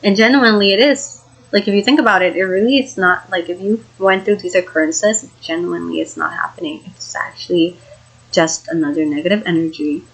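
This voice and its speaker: A woman's voice: lowish voice, brisk, breathy edge, poor audio. Young woman rambling through a scary story. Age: young adult. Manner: rambling, repetitive, with fillers and swearing. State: shaken, emotional. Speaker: vlogger. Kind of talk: casual storytelling.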